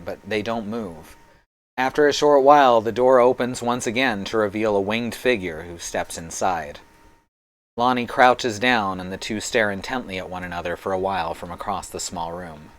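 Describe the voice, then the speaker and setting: A man narrating a live-streamed tabletop game as game master, with measured, slow description. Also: lowish voice.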